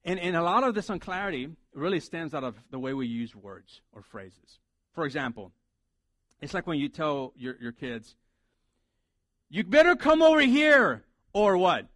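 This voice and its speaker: A man's voice: medium pitch, animated, moderate pace, fairly bright tone, no echo. A man preaching a sermon as a pastor, talking conversationally and animatedly and acting out the lines he quotes.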